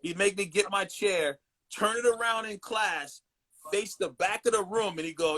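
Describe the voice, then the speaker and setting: A man in his forties talks as a podcast guest, with a bright, forceful voice that sits a bit high for a man. He tells loose, profane stories with lots of animation and impressions. It is easygoing, casual chat. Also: normal speed. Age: 40s.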